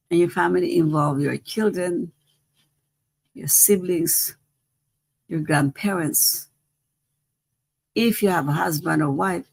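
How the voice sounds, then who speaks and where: Woman spiritual teacher, chatty live talk, heavy vocal fry, repeats herself; dry close sound. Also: lowish voice, no room sound, poor audio. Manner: conversational, repeats phrases, asks "right?".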